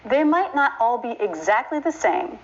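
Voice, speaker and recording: A woman teaching pronunciation, saying each word slowly and carefully and repeating it for the listener to copy. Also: fairly high pitch, sing-song. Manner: slow, careful modeling of words, repeats each one. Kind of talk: English pronunciation lesson. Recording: slightly dull recording with faint noise.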